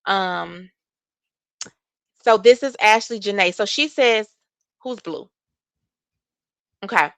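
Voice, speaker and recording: Bright-voiced woman hosting livestream commentary. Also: medium pitch, vocal fry, dry recording. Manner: reads text messages aloud and reacts with opinion; addresses viewers directly as y'all.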